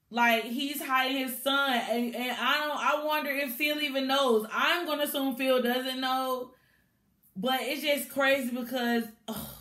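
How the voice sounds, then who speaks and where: A woman recapping a TV episode in a casual, animated way, laughing and acting out the scenes as she goes. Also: medium pitch, echoey room. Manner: animated, chatty storytelling with bursts of laughter. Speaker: TV show reviewer.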